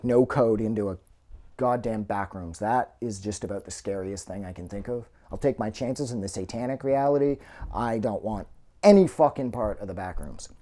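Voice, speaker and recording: Male movie reviewer, mellow low tone, loose and profane off-the-cuff delivery. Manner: rambling and heavily profane; loose, with many fillers and trailing restarts. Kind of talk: casual spoken movie review.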